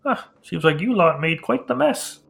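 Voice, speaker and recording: A man doing a hoarse, gruff old priest. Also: high-pitched, sing-song, normal speed, fairly bright tone, pitched above the performer's own voice, full character voice. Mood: weary.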